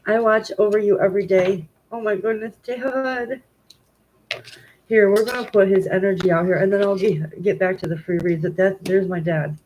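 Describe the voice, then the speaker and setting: A woman's voice: medium pitch, steady tone, moderate pace, darkish tone, poor audio. A grieving woman doing a live tarot reading. She talks directly to her viewers, tearful and emotional, in an ordinary mid-range voice. Light background noise runs under her. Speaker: tarot reader.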